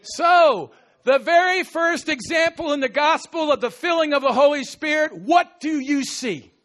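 A man preaching an animated sermon, acting out scripture quotes with sudden shouts and laughter. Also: extremely high pitch, a little slow.

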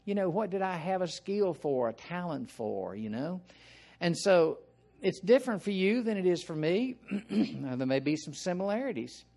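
An older man with a Southern American accent, preaching an informal sermon in a folksy, rambling way with frequent asides and throat clearing. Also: high voice, big pitch swings, moderate pace, mellow.

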